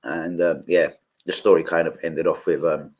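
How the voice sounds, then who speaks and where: A man's voice: low-pitched, little pitch movement, normal speed, darkish tone. A man hosting a live football watch-along, chatting casually, rambling off-topic and swearing freely while talking to his viewers. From London.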